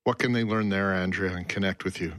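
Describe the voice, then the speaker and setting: A man hosting a live radio interview, asking measured, probing questions. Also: sits low, steady tone, fairly bright tone, no echo, studio quality. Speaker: radio host.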